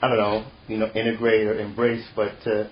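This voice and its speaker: A man's voice: on the low side, monotone, a little fast. A man taking part in a group discussion, asking a question in hesitant, searching phrasing. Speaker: discussion participant. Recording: echoey room, dull sound, faint hiss.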